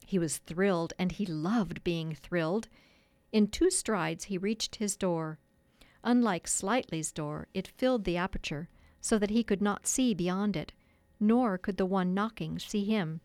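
A woman's voice: medium pitch, no room sound. Woman reading a classic storybook. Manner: measured, expressive reading. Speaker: narrator. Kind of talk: storybook narration.

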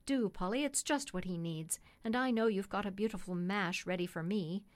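A woman's voice: mid-range voice, moderate pace, close to an everyday voice. A woman reading the part of a kindly, cheery male cab driver in a storybook, friendly and firm. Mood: cheerful.

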